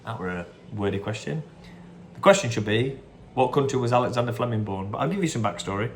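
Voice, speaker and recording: A quiz host with a mid-range, animated voice talks at a quick pace, with a little hiss or hum on the phone recording. He runs a casual pub-style quiz in a chatty way, reading each question twice and wandering off into short anecdotes.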